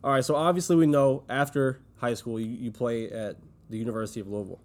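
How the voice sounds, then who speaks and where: A man's voice: medium pitch, fairly even intonation, quick pace. A man co-hosting a podcast, easygoing and laughing along as he asks questions. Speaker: podcast co-host. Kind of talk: casual interview chat.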